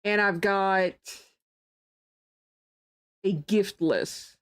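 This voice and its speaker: A woman streamer giving casual gameplay commentary, excitable and quick to laugh, with drawn-out exclamations. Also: mid-range voice.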